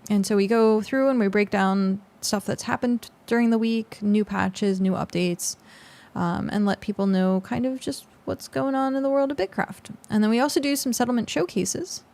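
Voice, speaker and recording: A woman's voice: on the high side, normal speed, vocal fry, darkish tone. A woman game streamer chatting casually with her viewers, tired and congested, with lots of fillers. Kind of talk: casual live-stream chat.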